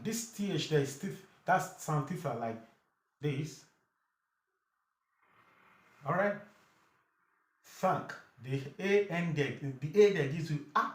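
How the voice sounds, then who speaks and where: Slow, drilling male phonics teacher. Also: medium pitch. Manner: repeats words slowly, drilling pronunciation. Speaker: English pronunciation teacher. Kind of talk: phonics lesson. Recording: echoey room.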